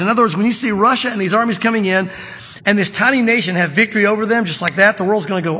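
A man preaching a sermon as pastor, chatty and plain, slowing down to read scripture with emphasis. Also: high-pitched, bright, forceful tone, slightly rough. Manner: conversational preaching, reads scripture slowly and with emphasis. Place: church sanctuary. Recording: long reverb of a church hall.

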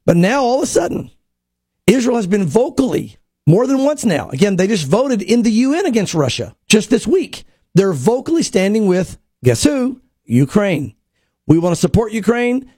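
A man, a pastor co-hosting a talk show, talks in animated bursts and acts out quotes. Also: high voice, normal speed, breathy edge, no room sound, clean studio sound. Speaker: pastor and co-host. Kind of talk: casual prophecy talk show.

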